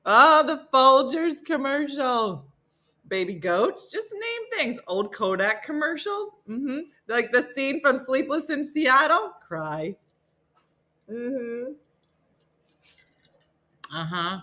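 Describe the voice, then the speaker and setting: Chatty, bright-voiced woman host. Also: sits high, big pitch swings, slow pace, pauses often. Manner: chatty and jokey, talks to her dogs and to commenters. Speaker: host of a morning live stream. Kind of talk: casual live-stream chat reading viewer comments.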